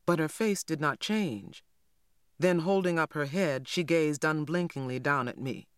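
A woman narrating an audiobook in a measured, even reading. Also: deep voice, no room sound, clean studio sound. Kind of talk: scripted narration.

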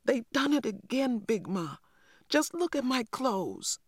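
A man voicing a small, proud, indignant boy, his high voice drawn out into a wail. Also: sing-song, measured pace, no room sound, clean studio sound, exaggerated voice.

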